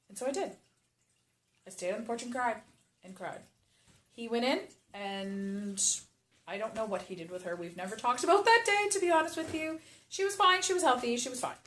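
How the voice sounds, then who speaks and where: Mom who teaches baby classes, talking real open and emotional, kinda high voice, echoey room. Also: female voice, moderate pace, pauses often, a bit bright, a little hiss or hum. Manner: emotional, frank, repeats short phrases for emphasis. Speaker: mother and baby class instructor. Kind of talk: candid personal storytelling to camera. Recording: roomy echo.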